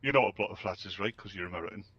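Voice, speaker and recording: Guy ribbing his mates while gaming, sharp bright voice, dry dull lo-fi mic. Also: fairly low pitch, rapid-fire, no room sound. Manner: teasing, jokey storyteller. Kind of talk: casual banter while gaming.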